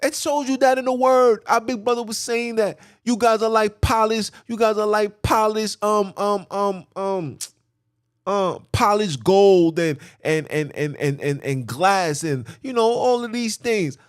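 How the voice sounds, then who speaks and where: Man, high-pitched, fervent podcast sermon, rhythmic repetition. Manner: rhythmic, repetitive preaching with vernacular speech and sudden drawn-out exclamations. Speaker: podcast preacher. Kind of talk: impassioned sermon.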